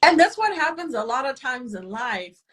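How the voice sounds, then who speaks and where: A woman's voice: sits high, sing-song, moderate pace, very noisy. Reflective woman co-host from Zimbabwe. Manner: reflective, drawing lessons. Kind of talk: casual chat commentary.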